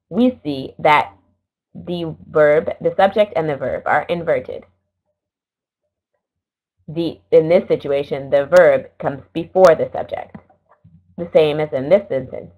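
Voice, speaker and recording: A middle-aged woman teaching an English lesson, explaining slowly and carefully and correcting herself now and then. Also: low voice, expressive. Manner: slow, careful explaining with small self-corrections. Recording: dull lo-fi recording.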